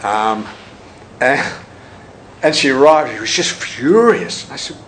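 Slow, expressive and a bit bright, this medium-pitched male voice comes through a rough recording with slight hiss or hum. He teaches Buddhism and practices shiatsu, and in a relaxed talk he tells anecdotes, performs people's quotes, and chuckles at his own tales.

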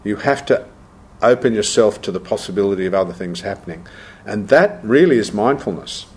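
A man's voice: lowish voice, animated, fairly quick, a little mellow, slightly rough. A man who teaches meditation, talking reflectively and telling anecdotes, acting out the people he quotes and often repeating words. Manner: storytelling, acts out quoted voices, repeats words.

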